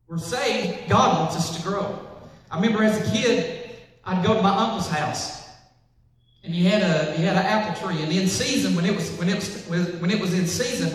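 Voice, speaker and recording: Guy preaching a sermon, pretty high voice, sounds far off in a big echoey church. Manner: preaching with repetition, shifting from soft to emphatic. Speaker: pastor.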